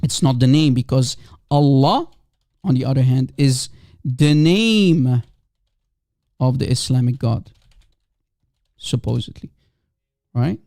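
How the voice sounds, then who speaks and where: A man's voice: medium pitch, slow, long pauses, warm tone, dry recording, clean studio sound. A man whose first language is Aramaic hosts a live call-in stream, talking emphatically and repeating rhetorical questions to his audience.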